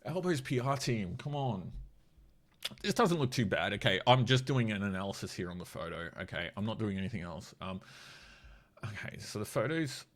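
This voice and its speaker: An Australian man with a slightly low voice, fighting off a cold. He talks in a blunt, sweary, mocking way, casually ranting about politics. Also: lively intonation, normal speed. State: has a cold. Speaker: commentator.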